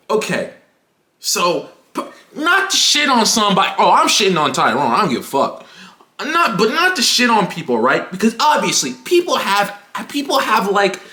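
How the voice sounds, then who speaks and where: A young man telling a comedic story in an animated, profane rant, as a YouTuber. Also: high voice. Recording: echoey room.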